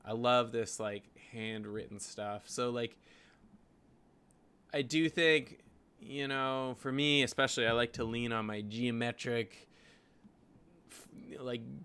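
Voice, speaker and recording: Talking slowly in a clear, resonant, fairly bright voice of medium pitch, this Canadian-accented man walks viewers through his graphic design work. It's a laid-back screen-share vlog where he thinks out loud, rambling with plenty of "like" and "you know."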